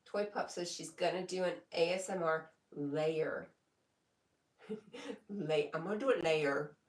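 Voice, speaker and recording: Woman streamer, low-voiced, relaxed and giggly, echoey room, slightly off mic. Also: recorded from a distance. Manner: slow, relaxed, laughs often between comments. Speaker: live streamer. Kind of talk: casual live stream chat, reading comments aloud.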